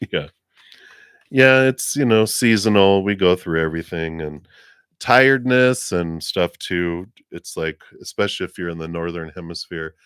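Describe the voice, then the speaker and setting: A man doing a casual live reading on a stream, gentle and rambling, laughing often, his voice a bit lower than usual from the weather. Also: smooth, dry recording, studio quality. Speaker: psychic reader on a livestream.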